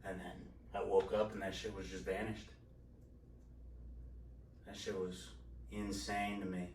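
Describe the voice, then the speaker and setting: A man with a fairly low voice tells a personal story at podcast-chat pace, candid and loose with swearing. He drifts and circles back as he talks. The sound is roomy, and he sits back from the mic. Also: level tone, measured pace, a little mellow, distant mic, slight background noise. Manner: candid, profane, rambling storyteller. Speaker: podcast host.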